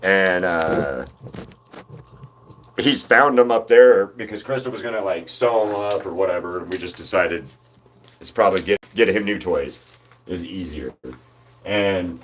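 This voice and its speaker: Low-voiced man rambling on a live stream. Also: slight background noise. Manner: rambling, halting, many fillers and restarts. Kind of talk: casual live-stream chat.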